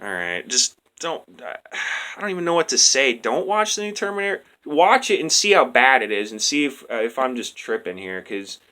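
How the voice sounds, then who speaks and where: A man's voice: mid-range voice, sing-song, normal speed, pushed and bright. A man reviewing a movie in a crude, slangy, exasperated rant. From United States. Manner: crude, slangy and exasperated, says "dude" a lot. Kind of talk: casual rant.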